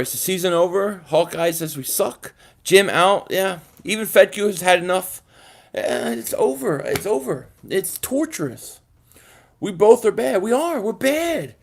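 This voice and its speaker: A man's voice: sits high, gravelly, fairly bright tone. A man hosting a sports fan live stream, ranting in frustration with many stammered restarts. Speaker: sports fan channel host.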